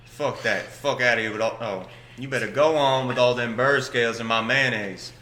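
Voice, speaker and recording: A man voicing a grumpy ancient male samurai risen from a crypt, with a put-on Japanese accent and a gruff, indignant way of complaining. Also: medium pitch, moderate pace, bright, forceful tone, roomy sound, a little hiss or hum, lightly acted.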